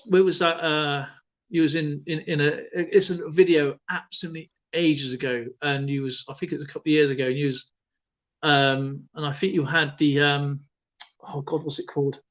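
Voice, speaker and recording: Brief: male co-host, casual rambling chatter, fillers and restarts, voice sits slightly high. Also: fairly even intonation, normal speed, fairly bright tone. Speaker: live stream co-host. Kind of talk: casual chat.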